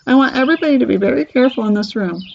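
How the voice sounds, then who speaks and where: A woman doing a brisk, cheerful candy maker. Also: sits high, lively intonation, gravelly, darkish tone, slight background noise. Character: eccentric showman male candy maker. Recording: dull lo-fi recording.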